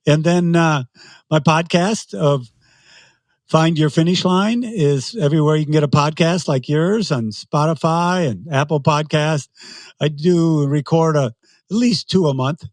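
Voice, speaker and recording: An animated storyteller in his sixties chats as an interview guest, and he laughs often between stories. His voice sits a little higher than most men's. It is recorded close and dry, with no room sound. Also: a little slow, dry recording. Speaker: guest, race announcer.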